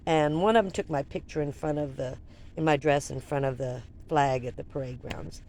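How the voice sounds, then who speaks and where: An older woman vlogger telling a personal story in an animated, rambling way, full of restarts and asides. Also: low-pitched, normal speed, slight background noise.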